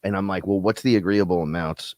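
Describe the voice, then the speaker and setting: A man's voice: fairly even intonation, brisk, a little mellow, dry recording. A middle-aged man co-hosting a live stream, telling rambling stories with plenty of swearing. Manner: rambling storyteller, swears freely, acts out other people in high voices. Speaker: podcast co-host. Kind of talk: casual live-stream chat.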